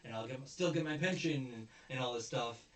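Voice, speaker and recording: A man's voice: medium pitch, brisk, close to an everyday voice. A man playing a greedy middle-aged police officer who rambles and muses to himself. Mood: scheming. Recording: roomy echo, distant mic, faint ambience.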